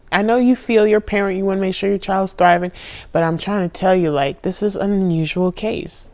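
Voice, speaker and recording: A young woman recording a confessional vlog on her phone, candid and profane, drifting from low murmurs to loud outbursts. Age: young adult. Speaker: spiritual vlogger. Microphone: phone camera.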